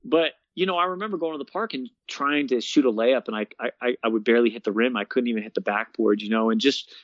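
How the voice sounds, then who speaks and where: A young man, a guest, casually telling his story in an interview, animated and laughing often, peppering his talk with "man" and "bro.". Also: mid-range voice, quick pace, dry recording. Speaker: guest, fitness coach and speaker. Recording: dull, dry lo-fi sound.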